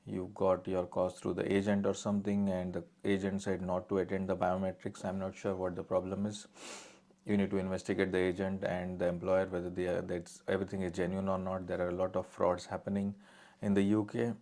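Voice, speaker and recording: A man's voice: low-pitched, completely flat delivery, brisk, mellow. A man answering viewer questions on a live stream as an immigration adviser, reading each one out and then answering plainly and directly.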